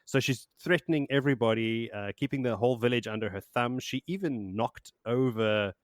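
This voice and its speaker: A man's voice: medium pitch, a little fast, no room sound, studio quality. A man hosting a podcast, chatting casually and rambling as he recaps a book, laughing and swearing now and then. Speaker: podcast host.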